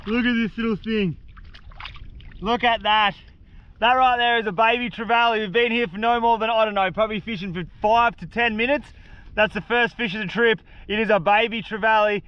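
A young Australian man with a fairly high, smooth voice talks to his camera outdoors. He is excitable and slangy, chatting straight to viewers about his day. The sound is a clear handheld camera recording. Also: fairly quick, dull audio. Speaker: survival vlogger. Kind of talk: casual outdoor vlog. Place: outdoors on a beach in the bush.

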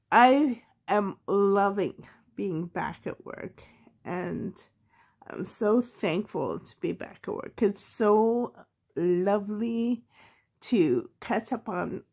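A woman with a cold, sounding hoarse, chatting casually to her viewers in a vlog and laughing often. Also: mid-range voice, animated, drawn-out words, long pauses, darkish tone. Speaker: reborn doll hobby vlogger.

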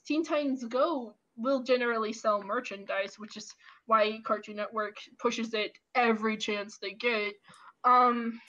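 A woman in her twenties giving casual, animated opinion commentary with lots of ums and restarts. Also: fairly high pitch. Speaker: YouTube commentator. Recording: lo-fi dull audio.

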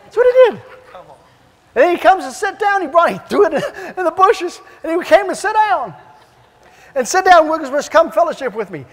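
High-voiced man preaching in a church. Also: brisk. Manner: animated, repetitive, emphatic. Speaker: evangelist. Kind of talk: preaching with storytelling. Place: church sanctuary. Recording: long church-hall reverb.

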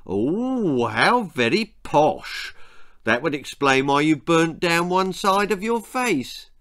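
A man voicing a fussy middle-aged housewife who speaks in a slow, prim way. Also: a little high, very animated, a bit bright, full character voice. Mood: fussing.

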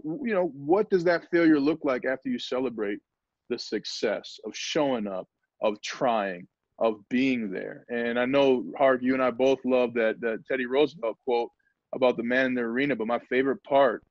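A former pro football player speaking energetically and emphatically in a motivational talk over a video call. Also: male voice, mid-range voice, no echo. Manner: energetic, emphatic, acts out quotes. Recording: dull lo-fi video call audio.

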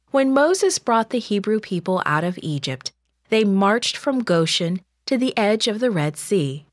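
A woman reading a Bible story for children in a slow, measured, gentle manner. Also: mid-range voice, no room sound, clean studio sound.

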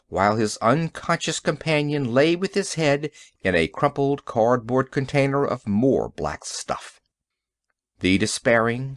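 A man narrating a science fiction story in an audiobook, with an expressive storytelling delivery. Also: mid-range voice, no room sound.

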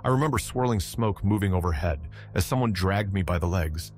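A man with a very deep, low voice reads a horror story aloud in a measured, dramatic way. Faint music plays softly behind his narration. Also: lively intonation.

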